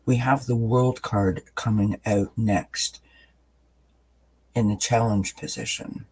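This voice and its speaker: A man doing a tarot card reading for his channel, explaining each card in a calm, unhurried way with pauses and fillers. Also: fairly low pitch, breathy edge, poor audio. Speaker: tarot reader.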